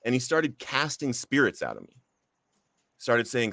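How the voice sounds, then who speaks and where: A man's voice: mid-range voice, wildly swooping pitch, unhurried, vocal fry, sharp tone, no room sound. Earnest man telling his story, dry sound. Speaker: podcast host. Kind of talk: personal recovery testimony.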